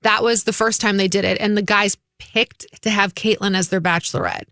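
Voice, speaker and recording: A woman co-hosting an entertainment radio show, chatting casually and giving animated, opinionated takes. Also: mid-range voice, a little fast, no echo, clean studio sound.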